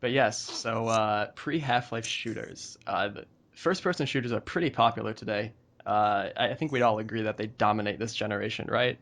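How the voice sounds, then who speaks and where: A man's voice: on the low side, normal speed, hardly any pauses, a bit bright. A man hosting a casual podcast chat, easygoing and hesitant, with many filler words. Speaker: podcast host.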